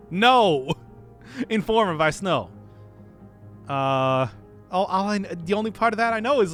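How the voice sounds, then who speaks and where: Lively high-voiced male streamer. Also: slow pace, long pauses, soft background music. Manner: playful, laughs often, banters with chat. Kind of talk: casual live-stream chat.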